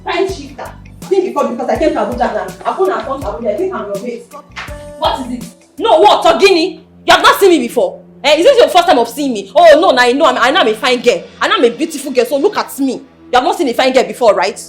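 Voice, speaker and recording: Brash young village woman, Nigerian accent, high-pitched, very lively pitch, rapid insulting rants, film drama. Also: soft background music. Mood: scornful.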